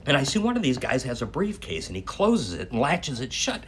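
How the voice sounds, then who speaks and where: A man casually telling a long story in a profane, animated way, tagging lines with "right?". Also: mid-range voice, a little fast, slight background noise. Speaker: dream storyteller.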